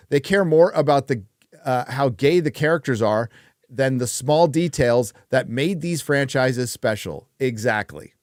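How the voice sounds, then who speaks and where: A man's voice: mid-range voice, lively intonation, unhurried. A man hosting a casual livestream chat, ranting with plenty of swearing and reading out viewer donations. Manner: profane, ranting. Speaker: host; reads viewer donations aloud.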